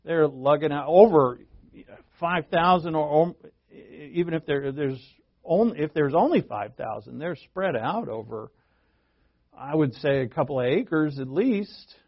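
A man's voice: fairly high pitch, animated, unhurried, no room sound, lo-fi sound. A male preacher teaching a sermon verse by verse, in a conversational way that thinks aloud and asks rhetorical questions.

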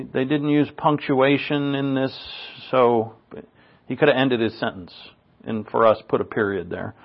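A man preaching a sermon in an earnest manner, his pitch rising on rhetorical questions. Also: muffled recording.

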